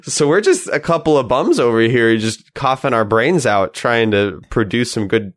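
A man's voice: mid-range voice, expressive, moderate pace, no echo, studio quality. A man hosting a podcast, chatting in an upbeat, joking way. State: recovering from a cold. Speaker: podcast host. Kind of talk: casual podcast chat.

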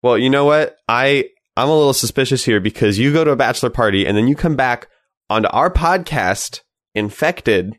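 A man's voice: medium pitch, expressive, normal speed, no room sound, clean studio sound. A man hosting a podcast, chatting in an upbeat, joking way. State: recovering from a cold. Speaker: podcast host. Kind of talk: casual podcast chat.

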